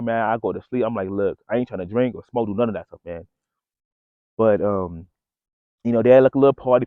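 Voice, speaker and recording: A man's voice: mid-range voice, no room sound. A man vlogging casually to his viewers, telling a story in a loose, slangy way and calling them bro and folks. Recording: dry phone-like audio.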